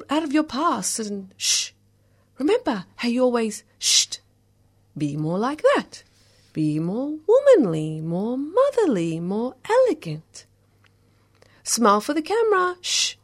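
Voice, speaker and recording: A woman performing a spoken word poem in the voice of a domineering man who keeps scolding and hushing a woman. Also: mid-range voice. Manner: scolding, repeated hushing commands.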